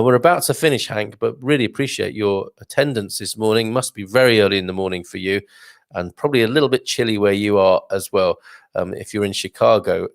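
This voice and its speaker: Man hosting a casual live show, chatty and rambling, lower pitch, very dry close-mic sound. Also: no echo. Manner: chatty, rambling with many fillers and asides. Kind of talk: casual live-stream chat reading viewer comments.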